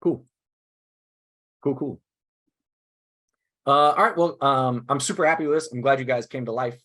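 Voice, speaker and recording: A man presenting a teacher workshop over a video call, upbeat and self-deprecating, talking casually in halting starts from his desk. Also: medium pitch, fairly bright tone. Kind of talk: casual online workshop talk. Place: indoors at a desk.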